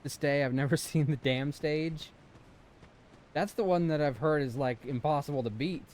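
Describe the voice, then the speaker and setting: A man's voice: fairly high pitch, normal speed, a little mellow, a little hiss or hum. A young man from Southern California giving casual, joking let's-play commentary, swearing and bantering with chat. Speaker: gaming streamer.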